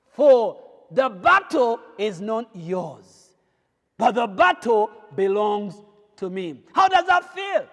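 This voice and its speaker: A man preaching a sermon, fervent, swinging between shouted lines and quiet ones. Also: very high voice. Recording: long hall reverb.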